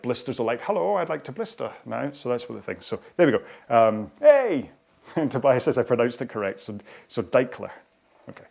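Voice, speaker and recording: A man's voice: medium pitch, gravelly, a little mellow. A middle-aged man chats his way through a live rowing stream. He rambles from tip to tip, keeps it casual, and pokes fun at himself with frequent laughs. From United Kingdom. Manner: chatty, rambling, self-deprecating, laughs often. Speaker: rowing coach and host.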